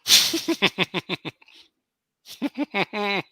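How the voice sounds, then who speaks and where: A man's voice: sits high, big pitch swings, very slow, heavy background noise. A man competing in a pun contest, casual and a little sweary.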